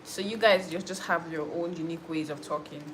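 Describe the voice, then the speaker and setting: A woman's voice: on the low side, a little fast, slight background noise, poor audio. A young woman hosting a livestream, chatting casually with viewers, laughing often and answering comments. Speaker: livestream host and musician.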